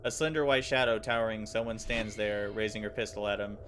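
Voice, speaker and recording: A man with a slightly low voice reads a game's story aloud on a live stream, tripping over words and breaking off to react. A faint hum runs underneath. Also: brisk. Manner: animated reading with stumbles and laughs. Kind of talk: reading game text aloud with reactions.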